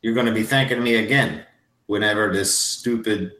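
A man's voice: fairly low pitch, moderate pace, bright, forceful tone. A man playing a boastful, belligerent self-styled war hero. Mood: swaggering. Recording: roomy echo.

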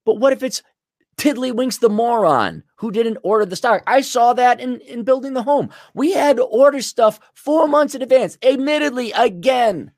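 Blunt, ranting man with lively pitch. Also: moderate pace, no echo, studio quality. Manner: blunt, sarcastic, crude. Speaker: podcast host. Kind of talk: ranting monologue.

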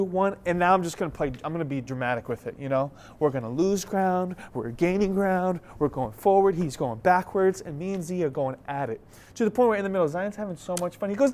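Delivering his sermon with playful energy, this young pastor acts out the scenes as he tells them. His pitch is a little high, and a slight breathlessness runs through his speech.

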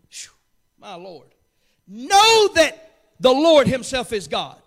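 A pastor preaching a sermon in a church. He drops to quiet, joking asides and then builds to shouted, fervent peaks. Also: very high-pitched, huge pitch swings, slow pace.

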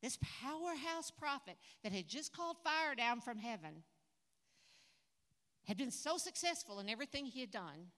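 An older woman preaching a sermon at a conference in a church hall, lively and humorous, talking straight to the audience. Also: mid-range voice. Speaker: conference speaker. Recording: echoey hall.

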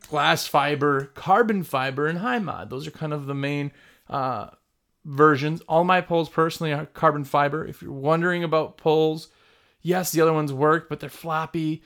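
Here a window cleaning business owner chats through a casual vlog on his line of work, repeating points bluntly and with emphasis. He has a fairly bright voice that leans high.

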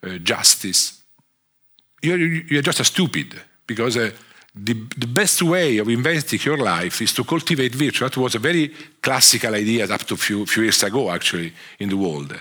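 A man with an Italian accent giving a conference lecture, speaking haltingly with frequent restarts and fillers. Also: mid-range voice, animated, sharp tone, husky. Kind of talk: conference talk.

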